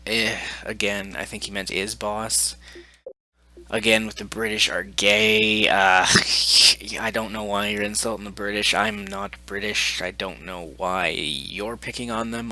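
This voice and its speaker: A man with a bright, sharp-edged voice narrates and reacts to messages he has received. His delivery is sarcastic and mocking, full of exasperated asides, in the manner of a gaming channel host. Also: lowish voice.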